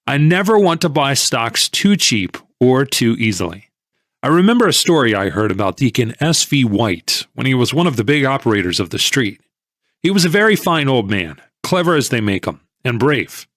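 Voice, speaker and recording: Lively male audiobook narrator. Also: medium pitch, dry recording, studio quality. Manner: measured, conversational storytelling. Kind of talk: first-person audiobook narration.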